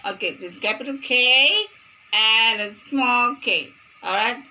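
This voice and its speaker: A woman's voice: fairly high pitch, takes it slowly, pushed and bright. A woman teaching a phonics lesson to young children, playful and sing-song, repeating words for them to copy.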